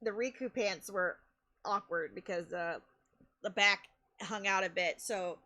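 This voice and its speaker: A woman streamer telling stories in a casual, animated way, laughing often and restarting her sentences. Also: mid-range voice, a little slow. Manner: chatty, with many restarts and fillers. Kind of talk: casual live-stream storytelling.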